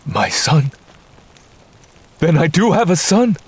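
A man voicing a grieving young male warrior with halting, earnest speech in an audiobook. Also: mid-range voice, a little mellow, lightly acted. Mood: anxious. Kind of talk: audiobook character voice.

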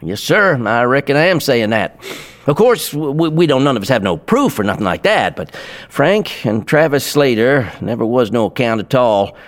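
An actor playing a nervous, talkative small-town barber who speaks in a folksy, stammering way. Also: male voice, medium pitch, sing-song, normal speed, lightly acted.

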